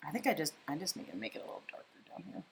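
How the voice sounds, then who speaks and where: A woman hosting a live painting stream from home, chatting casually, reading viewer comments aloud and thinking out loud as she paints. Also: deep voice, big pitch swings, rapid-fire, creaky, a little hiss or hum. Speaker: livestream painting host. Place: home, indoors.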